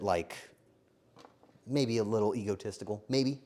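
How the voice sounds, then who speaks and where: A man live-streaming himself baking, joking to his chat and swinging between quiet mutters and loud outbursts. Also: mid-range voice, sing-song, moderate pace, pauses often. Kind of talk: casual live-stream commentary while baking.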